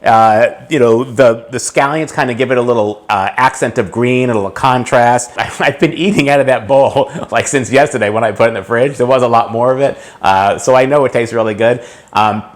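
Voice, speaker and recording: A man's voice: mid-range voice, fairly quick. A man hosting a cooking video, casually explaining a recipe step by step and then tasting it. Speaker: cooking channel host.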